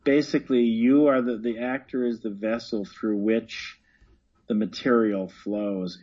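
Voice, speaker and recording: A man of middle pitch with a husky edge, speaking as a guest who teaches acting. He explains earnestly and often repeats words while he builds a point. The recording sounds a little dull and lo-fi. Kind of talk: casual conversation.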